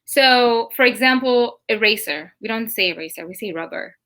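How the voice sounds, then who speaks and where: A young Kenyan woman talks freely in an interview, her accent blending British and American sounds. Her voice is bright and a little high, and she laughs easily while telling stories. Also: normal speed. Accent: Kenyan with British, Southern US and Seattle traces. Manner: chatty, laughs often, acts out quoted voices. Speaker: guest. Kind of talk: casual interview.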